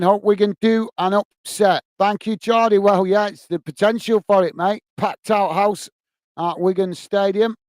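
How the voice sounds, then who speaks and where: A man hosting a football watch-along stream, with a fairly high, smooth and clear voice. He chats casually with viewers, reads out their comments and gets easily frustrated. The sound is dry and close, with no room echo. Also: darkish tone. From England. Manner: chatty, easily frustrated, thanks viewers by name. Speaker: football channel host. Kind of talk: live match watch-along, reading out chat.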